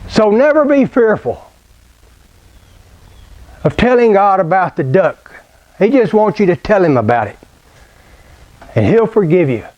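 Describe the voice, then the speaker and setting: A man preaching a sermon through a folksy, unhurried personal story. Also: sits high, warm tone, lo-fi sound.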